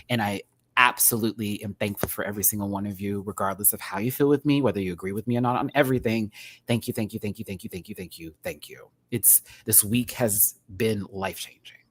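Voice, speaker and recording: A man hosting a casual live-stream rant, chatty and rambling, with sudden bursts of high laughter. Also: a bit bright. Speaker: YouTube commentary host.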